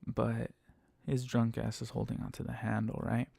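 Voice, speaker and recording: Gravelly man swearing through a driver story. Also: mid-range voice, completely flat delivery, normal speed, a little mellow, no echo. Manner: heavy swearing, emphatic and exasperated. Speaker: rideshare driver telling stories. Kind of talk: casual storytelling monologue.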